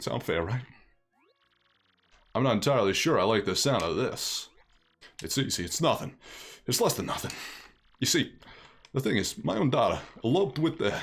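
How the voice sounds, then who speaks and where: A man voicing a gruff, bossy male mob boss in a slow, clipped tough-guy gangster drawl. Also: fairly low pitch, a bit bright, voice pushed down, heavily acted.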